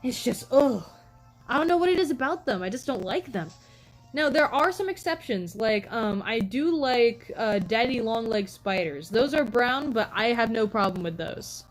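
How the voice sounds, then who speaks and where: A woman's voice: a little high, lively intonation, normal speed, faint music behind, rough recording. A young woman chatting casually on a live stream, telling rambling stories full of "like" and "um" and greeting viewers. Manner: chatty storytelling, frequent "like" and "um" fillers.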